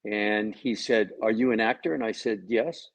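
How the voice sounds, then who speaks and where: A man's voice: on the low side, normal speed, poor audio. A man being interviewed about his acting role on a video call. He talks in a joking way and tells stories that quote other people's lines. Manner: jokey, tells anecdotes with quoted dialogue. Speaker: actor and guest. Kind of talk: casual interview chat, storytelling.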